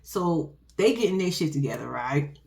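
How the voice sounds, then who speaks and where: A woman recapping a show in casual chat. She is profane and animated and keeps turning to talk straight to her viewers. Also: low voice, moderate pace, gravelly.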